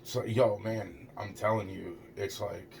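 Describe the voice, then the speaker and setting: A young man rambles through a personal experience, stumbling over words, repeating "it's like" and swearing heavily. His lowish, creaky, slightly mellow voice holds a steady tone at a measured pace, with a little hiss or hum in the recording.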